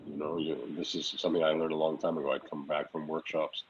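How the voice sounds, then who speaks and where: A man, a Sufi teacher, gently answering a student's question, repeating phrases as he speaks. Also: extremely low pitch, level tone, fast, lo-fi sound, a little hiss or hum. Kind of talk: spiritual teaching in Q&A.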